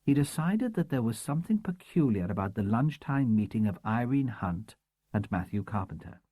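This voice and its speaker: A man narrating a crime novel audiobook in a measured, expressive storytelling manner. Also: lowish voice, no room sound. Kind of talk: scripted narration.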